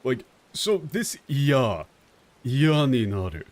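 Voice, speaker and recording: A man's voice: mid-range voice, slow. A young man streaming a game, casually explaining translations with lots of fillers and swearing. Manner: animated, profane, many fillers.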